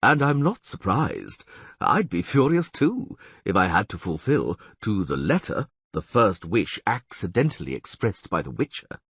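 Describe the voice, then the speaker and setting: A man voicing a gloomy, grave priest in an audiobook, speaking in a measured way. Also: fairly low pitch, big pitch swings, creaky, a bit bright, breathy edge, no room sound, heavily acted. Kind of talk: audiobook character voice.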